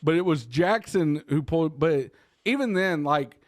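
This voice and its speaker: A man's voice: on the high side, lively intonation, normal speed, no echo, clean studio sound. A man, co-hosting a podcast and telling profane stories in casual chat while laughing often. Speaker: podcast co-host.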